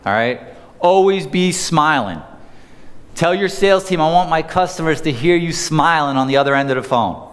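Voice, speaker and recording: Male sales trainer, fairly high voice, punchy live-seminar delivery, long hall echo. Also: moderate pace. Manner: energetic, conversational, asks the audience questions. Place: seminar room.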